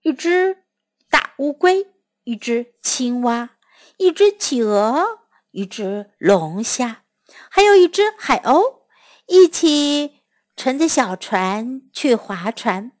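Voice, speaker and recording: A woman reading a children's story aloud in an expressive, clear and slow way. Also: sits high.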